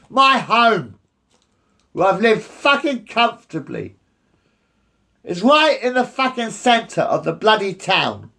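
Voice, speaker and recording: A man's voice: high voice, big pitch swings, unhurried, sharp tone. A man, ranting angrily and repetitively with lots of swearing. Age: 50s. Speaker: resident facing eviction. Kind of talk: angry rant to camera.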